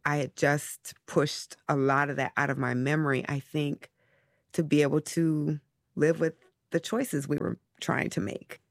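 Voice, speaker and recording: A woman being interviewed as a parent, talking candidly and haltingly, often trailing off as she searches her feelings. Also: low-pitched, level tone, no echo, clean studio sound.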